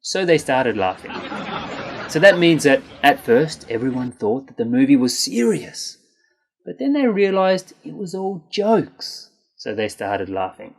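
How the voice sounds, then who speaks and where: Slow, deliberate English pronunciation teacher. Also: mid-range voice, sing-song, gravelly. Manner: slow, deliberate, exaggerated enunciation with repeated words. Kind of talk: scripted pronunciation lesson.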